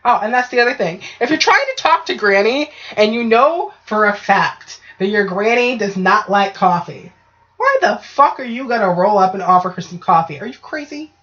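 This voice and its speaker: A woman hosts a casual podcast, ranting and telling animated stories with plenty of swearing. Her voice is mid-range at normal speed, and the podcast audio sounds dull and lo-fi.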